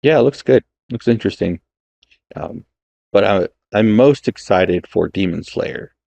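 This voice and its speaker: A young man co-hosting a film podcast, talking hesitantly with many pauses and restarts. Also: fairly low pitch, lively intonation, gravelly, warm tone, no echo, highs cut off. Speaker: podcast co-host. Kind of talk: casual film podcast chat.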